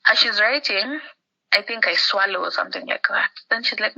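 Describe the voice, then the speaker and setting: A woman's voice: mid-range voice, fairly quick, gravelly, pushed and bright. A woman with a Kenyan accent, a podcast guest telling a story in casual chat over a phone call. She acts out the people she quotes and drops Swahili words into her talk. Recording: muffled phone-call audio.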